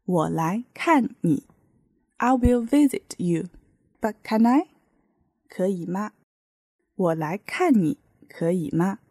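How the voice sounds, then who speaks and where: Slow, mellow-voiced woman teaching. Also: medium pitch, expressive, husky, no room sound. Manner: patient, explains with many example sentences. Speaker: language teacher. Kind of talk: podcast language lesson.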